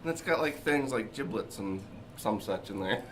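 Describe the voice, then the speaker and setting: A man's voice: lowish voice, expressive, normal speed, slight background noise. A man co-hosting a casual podcast, bantering goofily and full of fillers like "like" and "yeah". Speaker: co-host. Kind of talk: casual chat.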